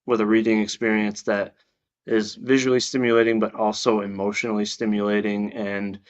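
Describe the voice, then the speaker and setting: Man, low monotone voice, earnest author guest, halting, dull lo-fi audio. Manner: earnest, reflective, halting restarts. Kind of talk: interview answers.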